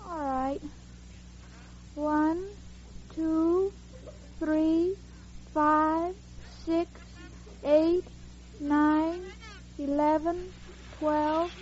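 A woman's voice: high voice, fairly even intonation, very slow, long pauses, darkish tone, slight background noise. An actress playing a dizzy, naive young woman in 1940s radio comedy, with a wide-eyed, scatterbrained way of talking. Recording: dull old radio broadcast recording.

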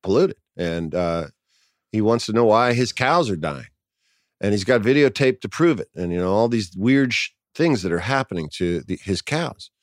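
A man's voice: fairly low pitch, lively intonation, normal speed, no room sound, studio quality. A man in his sixties from New York City, a guest in a casual interview, talking in a reflective, thoughtful way. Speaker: actor guest.

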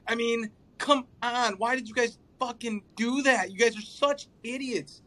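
A man's voice: very high-pitched, steady tone, unhurried, few pauses, sharp tone. A young man co-hosting a casual sports chat, ranting in an exasperated way and swearing often. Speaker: podcast co-host.

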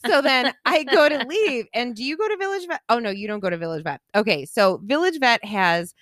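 A woman's voice: fairly high pitch, lively intonation, fairly quick, a bit bright, dry recording, studio quality. A woman co-hosting a casual podcast, telling a personal story candidly, acting out quotes and laughing through the sad parts. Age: adult with children. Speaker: podcast co-host.

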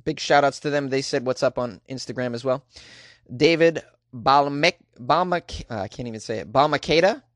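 A man's voice: medium pitch, normal speed, fairly bright tone, no room sound, studio quality. A man hosting a comedic news podcast, joking and rambling in a self-deprecating way. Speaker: podcast host.

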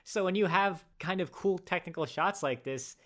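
A man co-hosting a casual podcast, calmly explaining how a movie was shot and why its story fails. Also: high-pitched, moderate pace. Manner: explanatory, analytical about filmmaking. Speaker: podcast co-host. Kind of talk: casual movie review chat.

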